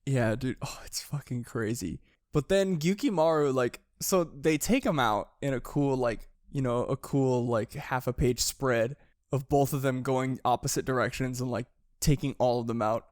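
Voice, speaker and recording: A man's voice: mid-range voice, moderate pace, no echo, clean studio sound. A man co-hosting a podcast, chatting casually, laughing often and swearing freely. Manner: laughs often, profane, excitable. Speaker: podcast co-host. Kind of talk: casual chat.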